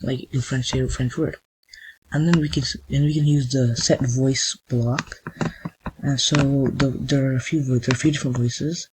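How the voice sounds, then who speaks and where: A man's voice: medium pitch, fairly even intonation, normal speed, noisy background. A man hosting a casual screen-recorded coding tutorial. He thinks aloud while clicking and often restarts his sentences.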